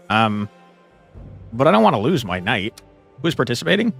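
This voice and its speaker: A man's voice: mid-range voice, very animated, moderate pace, gravelly, pauses often, a bit bright, slightly rough. A young man live-streaming a game, chatting in a laid-back, jokey way with casual swearing. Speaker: gaming streamer. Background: game music.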